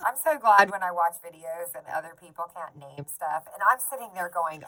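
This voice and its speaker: A woman's voice: on the low side, expressive, fairly quick, a bit bright, no room sound, poor audio. A woman crafter chatting casually as she shows off her book collection, gushing and giggling, recorded on a phone. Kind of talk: casual show-and-tell chat.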